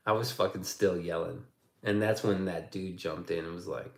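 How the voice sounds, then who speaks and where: A man's voice: low voice, steady tone, normal speed, vocal fry, echoey room. A man chatting casually on his livestream, swearing a lot and rambling through stories. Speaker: streamer.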